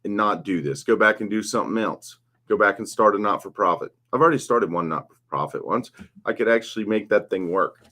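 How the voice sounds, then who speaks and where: A man's voice: on the low side, sharp tone. Blunt rambling man in his fifties. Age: 50s. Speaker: congressional candidate. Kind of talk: casual live stream talk.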